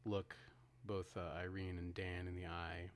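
A man's voice: sits low, little pitch movement, measured pace, a little hiss or hum. A man co-hosting a podcast, retelling a movie's ending in casual talk with many restarts and acted-out quotes. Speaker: podcast co-host. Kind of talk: casual film discussion.

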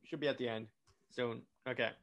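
A man's voice: medium pitch, fairly even intonation, a little fast, a bit bright, muffled recording. A man casually retelling a comic storyline, rambling with many restarts and false starts. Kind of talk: casual comic plot recap.

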